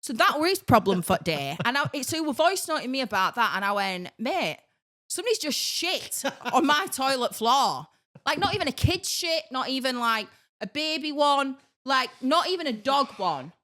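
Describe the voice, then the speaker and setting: A woman, co-hosting a podcast and telling a story in a casual, animated way, laughing through her words. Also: sits high, fairly quick. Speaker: podcast co-host.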